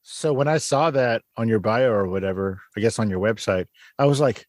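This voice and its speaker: A man's voice: mid-range voice, no echo. Male podcast host, jokey and teasing, dry close recording. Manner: teasing, jokey, quick asides. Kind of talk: casual conversational interview.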